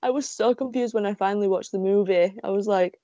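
A woman from the UK chatting casually, telling fan stories in a gushing, giggly, animated way. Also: medium pitch, quick pace, no echo. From United Kingdom. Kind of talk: casual chat.

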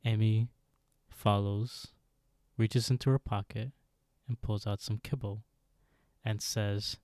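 A man co-hosting a podcast, calmly wrapping up a story recap. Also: on the low side, unhurried, no room sound. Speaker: podcast co-host. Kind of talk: casual episode recap.

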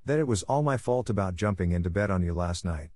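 A man's voice: sits low, lively intonation, fast talker, darkish tone, no echo, clean studio sound. A man voicing an eager, dramatic young girl who talks in an earnest, impulsive, pleading way.

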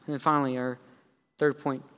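A male pastor preaching a sermon. He shifts between quick, heavy sarcasm and slow, low emphasis on his key points. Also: level tone, sharp tone, smooth, long reverb tail. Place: church sanctuary.

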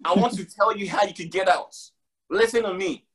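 A man's voice: sits high, brisk, fairly bright tone, breathy edge. A man preaching a sermon, emphatic and repetitive, mixing casual slang with scripture. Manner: emphatic, repeats lines for stress.

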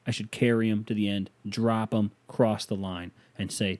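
A man's voice: lowish voice, level tone, moderate pace, few pauses, darkish tone. A man hosting a podcast, telling a funny story in a rambling, self-mocking way with sudden angry rants. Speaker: podcast host. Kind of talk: casual comedic storytelling. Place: bedroom with a fan running.

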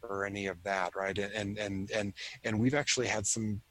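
Low-voiced hesitant company man. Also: little pitch movement, moderate pace, fairly bright tone, rough recording. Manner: hesitant, repeats words, says "right?" often. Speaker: software company representative. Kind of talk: casual panel chat.

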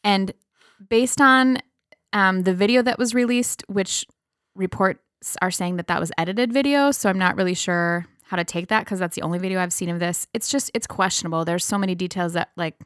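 A woman's voice: medium pitch, fairly quick, a bit bright, smooth, no room sound, studio quality. Earnest woman podcaster. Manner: earnest, chatty with fillers. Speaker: podcast co-host, sociology instructor. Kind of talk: casual political chat.

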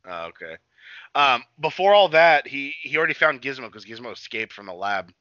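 Fairly quick and mid-range, this podcast co-host's voice comes through lo-fi with no echo. Chatting casually about a movie, he gets animated, swears a lot and performs quotes from the scenes.

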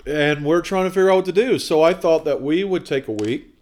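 A man's voice: on the high side, brisk, darkish tone. A man hosting a casual home podcast, playful and rambling, laughing at his own jokes. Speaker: podcast host. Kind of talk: casual family chat.

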